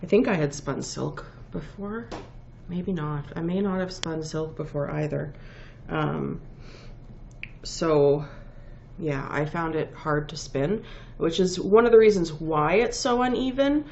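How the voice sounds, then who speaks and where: A woman's voice: deep voice, unhurried, creaky, a little mellow. A woman with a head cold, sniffling as she hosts a casual knitting podcast, rambling and correcting herself as she shows off her finished work. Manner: rambling, self-correcting, lots of ums. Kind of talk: casual show-and-tell chat. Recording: dull lo-fi home recording with faint background noise.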